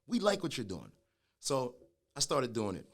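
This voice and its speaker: A middle-aged man, a guest telling his own story in a casual conversation, animated and acting out the voices of people he quotes. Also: mid-range voice, moderate pace, slightly rough. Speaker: guest, clothing brand founder.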